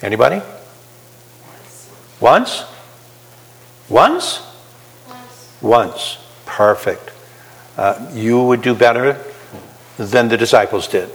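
A man's voice: medium pitch, a little slow, vocal fry. Man preaching in a reverberant hall. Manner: conversational, asks the audience questions. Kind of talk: sermon.

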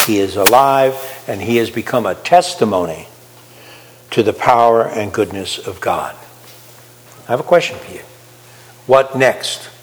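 A man's voice: mid-range voice, in a large hall, rough recording. A man preaching a sermon, asking his listeners questions as he explains a Bible passage. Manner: animated, asks the audience questions.

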